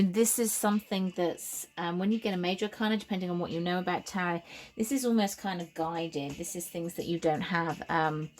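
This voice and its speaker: A British woman with a slightly low voice drifts through a casual intuitive tarot reading. She muses aloud, wanders between thoughts and fills pauses with little laughs and ums. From United Kingdom. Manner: meandering and musing, with frequent fillers and soft laughs. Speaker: tarot reader.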